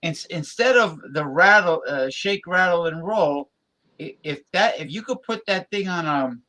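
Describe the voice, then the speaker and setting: A man co-hosting a casual chat show, excitable and playful, often repeating and restarting his words. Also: a little high, a little slow. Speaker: co-host.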